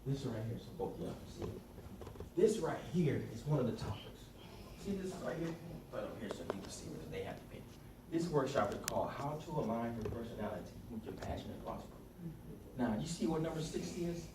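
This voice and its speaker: A man leading a small sales workshop, telling animated stories and acting out quotes in a sarcastic, lively way. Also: a little fast. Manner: lively storyteller, acts out quotes in high voices, sarcastic. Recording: echoey room from far off, clear background noise.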